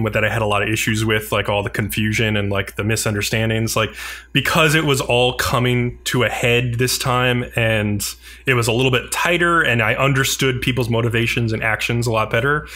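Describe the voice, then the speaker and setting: A man's voice: mid-range voice, fairly even intonation, brisk, pushed and bright. A man co-hosting a podcast, reviewing anime episodes with enthusiasm, chuckling and filling his talk with "like". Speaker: podcast co-host. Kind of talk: casual anime recap chat.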